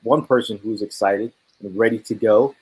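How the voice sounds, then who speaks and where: A man's voice: fairly low pitch, moderate pace, slightly rough, rough recording. A man hosting a casual live sports chat, laid-back and joking. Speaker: podcast host.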